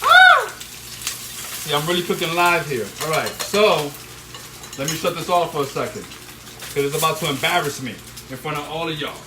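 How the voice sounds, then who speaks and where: A middle-aged man with a fairly high voice runs a live cooking demo at his stove, recorded on a handheld phone. He coaches the viewer and keeps checking in with "okay?", then breaks into excited whoops. Frying sizzle and kitchen clatter come through clearly under his voice. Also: background noise. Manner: excitable, bursts into loud whoops; coaching, tags lines with "all right?" and "okay?". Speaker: chef hosting a cooking stream.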